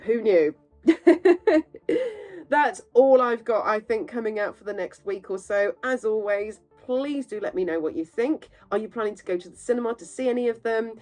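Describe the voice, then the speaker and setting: Woman host, movie news roundup, chatty and animated, opinionated asides, mid pitch, soft music under. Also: a little fast, hardly any pauses, poor audio. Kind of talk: casual film news roundup.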